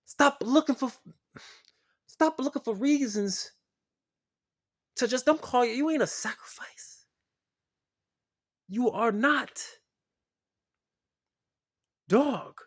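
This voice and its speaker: A spiritual video creator delivering an impassioned, profane rant to the camera. The delivery swings from low muttering to shouting. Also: slow pace, pauses often.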